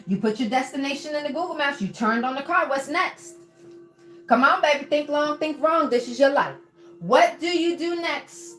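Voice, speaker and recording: A woman's voice: high-pitched, a bit bright. A woman giving a live-streamed motivational talk, preaching and encouraging, calling listeners baby and asking them to answer back. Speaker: motivational coach on a livestream. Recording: roomy echo with faint music.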